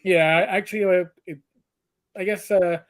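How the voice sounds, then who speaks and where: A man in his fifties hosting a casual livestream chat, telling stories in an animated, rambling way with many restarts. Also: high voice, moderate pace. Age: 50s. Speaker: host.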